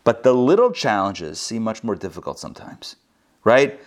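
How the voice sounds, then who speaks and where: A man's voice: on the low side, very animated, moderate pace. A rabbi teaching a live class, talking animatedly and often turning to his listeners with rhetorical questions. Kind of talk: live Torah lesson. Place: recorded live at a school.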